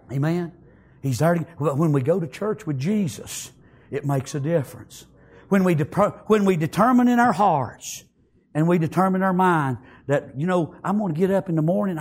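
A male preacher delivering a fervent sermon, swinging from hushed tones to shouts and peppering his lines with amens. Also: sits high, husky.

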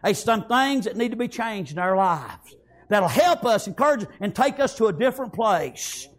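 A man preaching a sermon, fervently repeating praise and amen and rising to shouts. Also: sits high, very animated, normal speed.

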